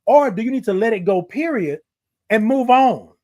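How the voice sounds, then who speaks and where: A young man hosts a motivational livestream and chats casually with his audience. His voice sits high and moves very expressively, rising and falling all the time. He greets viewers by name and stretches his hellos into a playful sing-song. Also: expressive, moderate pace, a little mellow. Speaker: livestream host.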